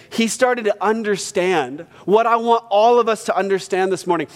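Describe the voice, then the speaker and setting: A pastor telling a story in a sermon, acting out quotes and swinging from hushed to loud. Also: male voice, high voice, normal speed, hardly any pauses. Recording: church hall reverb.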